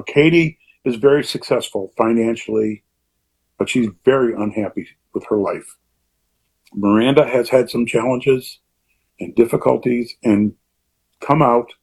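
An older man speaks with a husky, slightly breathy voice at a middling pitch. He talks in a folksy, emphatic way, wandering into asides and pressing his points home. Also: a little mellow. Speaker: author. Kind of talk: casual conversational monologue.

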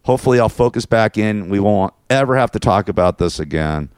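Male show host, low and smooth, rambling frustrated monologue. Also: lively intonation, brisk, a little mellow, no echo, clean studio sound. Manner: frustrated, repetitive, venting.

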